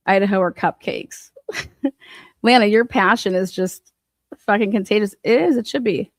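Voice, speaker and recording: A woman's voice: medium pitch, measured pace, no echo, clean studio sound. A woman true crime commentator in an angry, profane rant, cursing and mocking the people she talks about.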